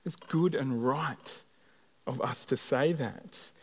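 A man preaching a sermon as a pastor, earnest and measured, with deliberate pauses. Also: medium pitch, husky. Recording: long hall reverb.

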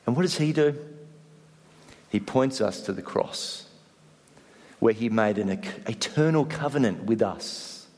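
Lively man preaching in a hall. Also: medium pitch, normal speed. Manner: animated storytelling, drops soft for emphasis. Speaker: pastor. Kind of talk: sermon.

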